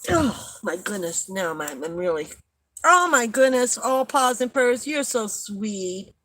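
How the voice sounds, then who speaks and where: A woman's voice: medium pitch, expressive, slow, fairly bright tone, poor audio. An older woman hosting a casual live-stream chat, rambling and chatty, laughing at her own stories and coughing often.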